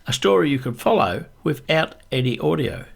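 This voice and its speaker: A man with a gravelly, husky voice talks low and deep right up close to the microphone. He practices a voiceover monologue, coaching himself deliberately and repeating his points. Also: very animated. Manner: deliberate, repetitive self-coaching. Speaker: YouTube creator.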